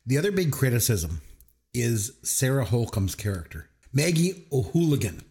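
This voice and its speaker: A man co-hosting a casual movie podcast, chatty and animated. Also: mid-range voice, moderate pace, a little hiss or hum. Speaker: podcast co-host.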